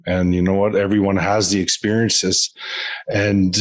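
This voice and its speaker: A man's voice: low-pitched, flat delivery, unhurried. A man hosting an interview, asking questions in a loose, rambling and friendly way. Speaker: interview host. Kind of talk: interview conversation.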